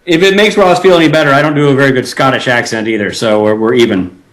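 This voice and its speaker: A man's voice: mid-range voice, fast talker, rough recording. A man from Nashville, Tennessee, guest on an interview, talking in an easygoing, chatty way with many fillers. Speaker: actor guest. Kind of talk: casual interview.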